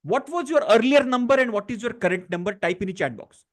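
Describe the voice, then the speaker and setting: Man, fairly high voice, gentle instructive tone, frequent fillers, live online class facilitator. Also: lively intonation, quick pace. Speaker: stress-relief workshop facilitator. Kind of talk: guided tapping session on a live online class.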